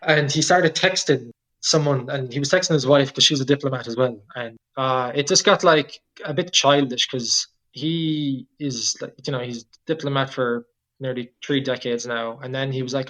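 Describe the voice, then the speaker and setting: An Irish cyclist in his thirties, appearing as a guest, tells his travel story in a relaxed, rambling interview peppered with "like" and "just." His mid-range voice moves at a moderate pace, though the audio quality is poor.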